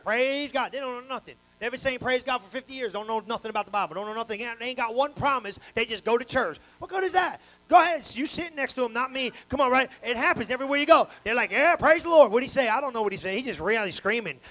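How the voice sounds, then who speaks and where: High pitched guy preaching in church, loose slangy style, gets the crowd talking back. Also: poor audio. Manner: animated, preaching in street slang with call-and-response. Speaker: pastor. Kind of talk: sermon. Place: church sanctuary.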